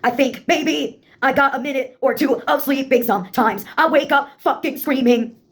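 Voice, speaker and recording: A woman's voice: sits high, normal speed. A woman delivering a rambling spoken-word monologue, blunt and full of swearing.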